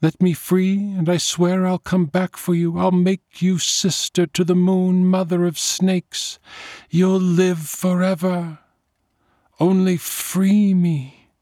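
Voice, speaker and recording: Guy putting on a creepy high vampire voice, thin and ringing, slow and seductive. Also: level tone, darkish tone, dry recording, clean studio sound. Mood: pleading. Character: eerie pale male vampire, cold and seductive.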